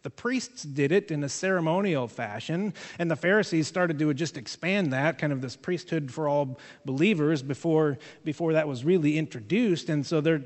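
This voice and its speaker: A man delivers a sermon in an easy, conversational way, joking with the congregation as he goes. His voice sits a little high for a man. The sound carries the long reverb of a large church sanctuary. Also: moderate pace, hardly any pauses. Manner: conversational, animated, jokey asides to the congregation. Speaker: pastor.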